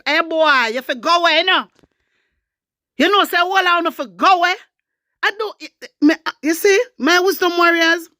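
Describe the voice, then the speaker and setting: A woman's voice: sits high, a bit bright, dry recording, clean studio sound. A woman with a Jamaican accent delivering an angry, preachy political rant, mixing Patois into her talk. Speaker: political commentator.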